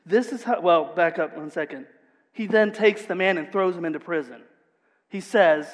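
A male pastor delivering a sermon in a lively storytelling manner. He moves from casual asides to emphatic points. His fairly high voice rings out with a long reverb in a church hall. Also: moderate pace.

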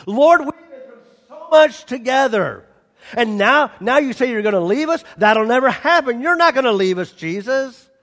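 High, pressing disciple voice put on by a preacher, long hall reverb. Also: male voice, animated, normal speed, hardly any pauses, a bit bright. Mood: pleading. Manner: urgent, complaining, emphatic. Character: frustrated male disciple, pleading, earnest.

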